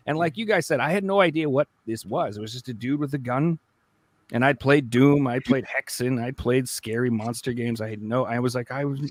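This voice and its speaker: A man on a casual gaming podcast, telling a story with animated energy and jumping into voices. The sound is dry and close, with no room around it. His pitch is average for a man. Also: fairly quick, no room sound. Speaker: podcast co-host. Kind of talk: casual chat.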